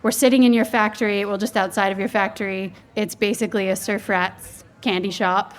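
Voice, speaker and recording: A woman's voice: medium pitch, fairly even intonation, a little fast. A woman hosting an interview, asking thoughtful questions outside a surfboard factory. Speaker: podcast host.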